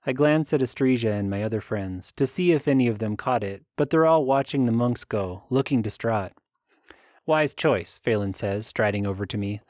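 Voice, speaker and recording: A man narrating a fantasy audiobook in the first person, in a steady, even storytelling manner. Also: mid-range voice, no echo.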